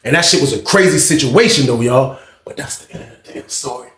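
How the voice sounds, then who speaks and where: A man telling a prison story to his viewers in casual, profane street slang with animated delivery. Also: medium pitch, a little fast. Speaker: vlogger, storyteller. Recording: echoey room.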